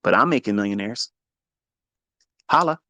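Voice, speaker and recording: A man's voice: lowish voice, expressive, normal speed, bright, forceful tone, no room sound. A man coaching traders in a blunt, profane motivational monologue. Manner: profane, emphatic, preachy. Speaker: trading coach.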